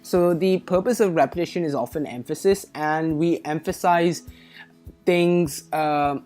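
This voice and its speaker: This is a woman with a low, deep speaking voice who walks through reading test material as a tutor. She explains step by step and corrects her own slips with a wry aside. Soft music sits faintly behind her. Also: unhurried. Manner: methodical, self-correcting, lightly wry. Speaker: SAT tutor. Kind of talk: explanatory lesson.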